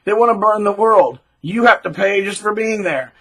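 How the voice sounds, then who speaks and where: A man talks straight through a rambling commentary, dropping sarcastic asides. His voice is husky and sits a little high for a man. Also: moderate pace, a bit bright, poor audio. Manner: rambling, sarcastic, with many fillers and restarts. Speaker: channel host. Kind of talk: ranting monologue commentary.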